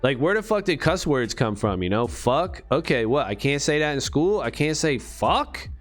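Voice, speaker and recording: A man's voice: medium pitch, sing-song, normal speed, faint music behind. A man talking to his channel in a rambling, profane monologue full of rhetorical questions. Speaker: crypto vlogger.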